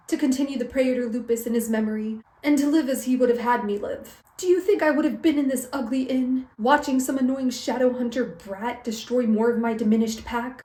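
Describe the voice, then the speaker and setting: A woman's voice: on the high side, dark tone, roomy sound, lightly acted. A woman voicing a weary, stern male werewolf leader who scolds and lectures, recapping a book.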